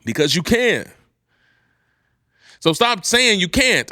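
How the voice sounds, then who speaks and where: Fired-up motivational man, bright and intense. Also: sing-song, measured pace, long pauses, no echo, clean studio sound. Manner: preachy, swings from low and quiet to loud and high. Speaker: podcast host. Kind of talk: motivational podcast talk.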